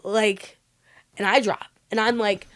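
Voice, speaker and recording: A woman with a medium-pitched voice appears as a podcast guest and tells her story candidly. She speaks rapidly and emotionally, swears, and fills her speech with "like."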